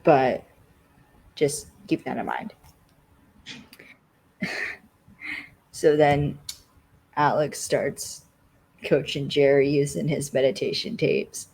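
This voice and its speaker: A podcast co-host casually recapping a TV episode, rambling and filling every pause with "like.". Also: mid-range voice, steady tone, vocal fry, darkish tone, husky, rough recording. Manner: rambling, constantly says "like".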